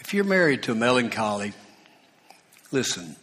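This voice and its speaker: A man's voice: mid-range voice, sing-song, normal speed, fairly bright tone. A man preaching a sermon in a conversational way, with asides to the congregation and repeated exhortations. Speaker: pastor.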